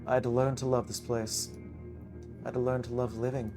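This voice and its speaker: A man's voice: medium pitch, level tone, music in the background, close to an everyday voice. A man doing a pompous game character. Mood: wry. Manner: pompous, drawn-out delivery. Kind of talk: reading a visual novel aloud.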